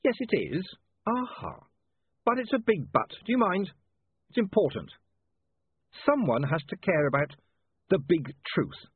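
Casting: reader doing an earnest young editor, impassioned, husky voice, dry lo-fi sound. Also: male voice, fairly high pitch, expressive, very fast, hardly any pauses, no echo, pitched above the performer's own voice. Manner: impassioned, arguing. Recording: tinny dry lo-fi audiobook recording.

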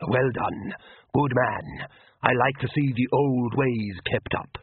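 A man voicing a suave, courteous old male vampire aristocrat with a slow, genteel manner. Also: medium pitch, husky, dry recording, narrow, tinny audio. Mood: courtly.

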